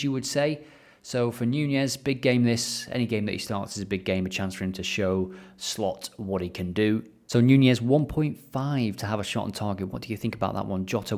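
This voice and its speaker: A man's voice: on the low side, a little mellow. A young man casually talking through football betting picks, thinking aloud with fillers as he clicks through data. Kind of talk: casual screen-share analysis.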